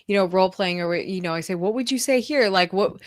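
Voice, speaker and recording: A woman in her forties hosting a podcast, telling a family story in an animated way, acting out the dialogue with lots of fillers. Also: mid-range voice, fast, no echo, studio quality. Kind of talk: conversational interview storytelling.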